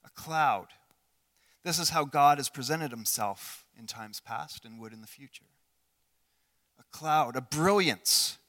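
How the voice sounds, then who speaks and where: A man preaching a sermon in an earnest way, asking the listeners questions and swinging between loud passages and hushed ones. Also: mid-range voice, lively intonation, measured pace, pauses often. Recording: long hall reverb.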